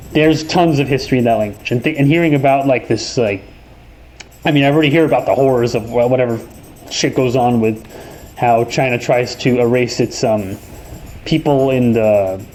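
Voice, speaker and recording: A man's voice: medium pitch, a little mellow, slight background noise, rough recording. A young man from New York hosting a casual chat while playing a game, rambling, self-correcting and swearing freely. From New York, USA. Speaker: host. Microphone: desk microphone.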